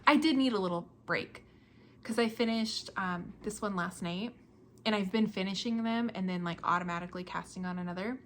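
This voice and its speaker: A young woman with a medium-pitched, fairly bright voice talks briskly as she hosts a casual podcast. She chats about her projects in a self-deprecating way and laughs often. There's slight background noise.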